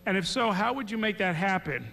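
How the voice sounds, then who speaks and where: A man on a debate panel, putting a long formal question to the candidates in a measured way. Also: high-pitched, animated, vocal fry, sharp tone. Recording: reverberant hall with faint hum.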